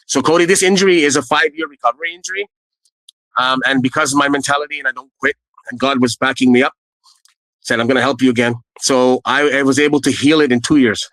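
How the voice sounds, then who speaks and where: A middle-aged man from Canada, a guest telling his own story in a blunt, lively way and acting out what others said. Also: fast talker, no echo, poor audio. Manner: re-enacts quoted people with raised pitch, blunt and profane. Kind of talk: animated personal storytelling.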